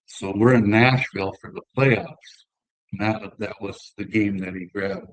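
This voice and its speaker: A man's voice: fairly low pitch, measured pace, no echo, rough recording. Older guy, upper midwest accent, rambling easygoing hockey stories, dry close sound. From northern Minnesota. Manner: relaxed, rambling anecdotes. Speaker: interview guest, former hockey player. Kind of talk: casual conversational storytelling.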